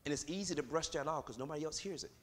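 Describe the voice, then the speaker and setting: A man's voice: a little high, racing. A man pastor preaching a sermon in a church, loose and full of fillers, building to emphatic stretches. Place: church sanctuary.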